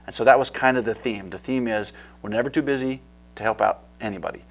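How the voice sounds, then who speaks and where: A man's voice: medium pitch, fast talker. A man talking as a guest in a casual interview, eager and rambling with many fillers.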